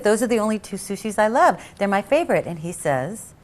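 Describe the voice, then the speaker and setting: A middle-aged woman spins a comic tale as a game show guest. She talks in an animated way and jumps to high, squealing pitch whenever she acts out her younger self. She sounds chatty and lively throughout. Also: fairly quick. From San Diego, California. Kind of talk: comic storytelling anecdote.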